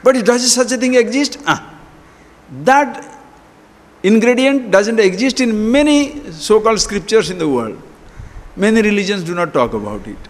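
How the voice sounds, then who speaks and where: Animated man teaching in a hall. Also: sits high, moderate pace. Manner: animated, rhetorical questions, chuckles often. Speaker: spiritual teacher. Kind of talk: spiritual discourse. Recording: long hall reverb.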